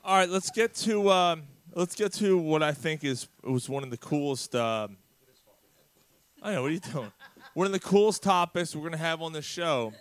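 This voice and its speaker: A man's voice: on the high side, expressive, normal speed, dry recording. A man hosting a casual sports chat, blunt and profane, steering the show from topic to topic. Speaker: podcast host.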